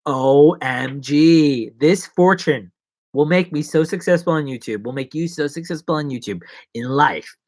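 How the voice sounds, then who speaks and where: Joking around and rambling, a man runs a laid-back live stream from a chair at home, talking to his viewers in a playful way. His voice is on the high side, and his pace is moderate.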